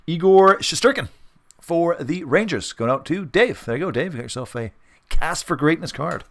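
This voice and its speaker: Chatty man calling card pulls. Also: mid-range voice. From Western Canada. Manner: chatty, rambling, reads out cards with quick upbeat reactions. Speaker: sports card breaker host. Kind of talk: casual live card-break commentary.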